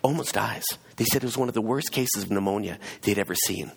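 A man's voice: lowish voice, quick pace, vocal fry, husky. A man preaching a sermon, telling a personal story and acting out the voices of the people in it. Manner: storytelling, acts out quoted voices. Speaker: pastor. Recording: long hall reverb.

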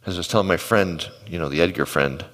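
Low-voiced pastor preaching in a reverberant hall. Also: male voice, quick pace, a bit bright. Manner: conversational storytelling with asides to the congregation. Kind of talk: sermon. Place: church auditorium.

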